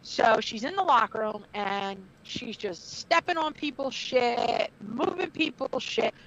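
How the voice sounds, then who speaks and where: A woman's voice: a little high, animated, a little slow, fairly bright tone, a little hiss or hum. A middle-aged woman and former wrestler telling a heated story in blunt, profane casual talk. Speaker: former wrestler, podcast guest. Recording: dull lo-fi recording.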